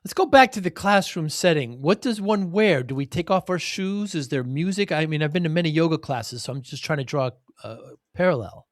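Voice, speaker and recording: A man hosting a podcast interview, asking quick questions and murmuring agreement while his guest talks. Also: a little high, lively intonation, no room sound, studio quality. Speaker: podcast host.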